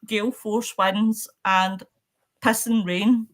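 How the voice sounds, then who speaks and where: Slow-talking Scottish-raised woman chatting. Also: medium pitch, fairly even intonation. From Scotland. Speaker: co-host of a film chat stream. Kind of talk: casual live-stream chat.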